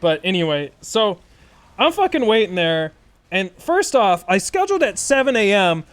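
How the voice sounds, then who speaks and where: A male streamer telling a story casually, animated and swearing often. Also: high-pitched, moderate pace, smooth. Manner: profane, animated rant.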